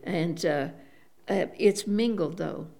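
An elderly woman giving a devout sermon, unhurried, often saying praise the Lord and pausing with fillers. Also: fairly low pitch, vocal fry, darkish tone. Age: older. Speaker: preacher.

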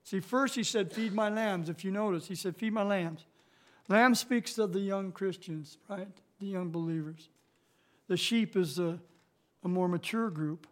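A middle-aged man giving an informal Bible teaching, speaking plainly with halting restarts and fillers, and slowing down to read scripture aloud. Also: sits high. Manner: reads scripture slowly, rising louder on key verses.

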